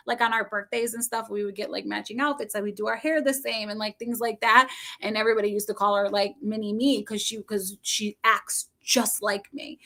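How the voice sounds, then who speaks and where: A middle-aged woman chatting with her viewers from home in a loose, rambling way, often breaking into laughter. Her voice sits a little high and has a bright, sharp edge. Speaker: livestreamer. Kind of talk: casual chat with viewers.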